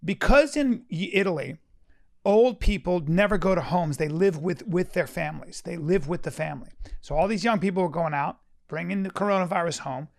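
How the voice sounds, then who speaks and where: A man's voice: sits high, fairly quick, gravelly. A man talking in a casual podcast chat, emphatic and profane, restarting sentences often and acting out quotes.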